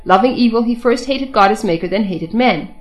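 A woman's voice: on the high side, a little fast, natural voice. A woman voicing a group of imprisoned male martyrs who answer firmly and solemnly, within a storybook reading.

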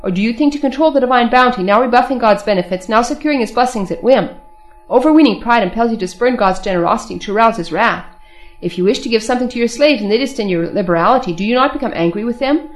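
A woman's voice: a little high, fast talker, soft background music, natural voice. A woman reading the lines of a group of proud men preaching to captives, insistent and full of rhetorical questions.

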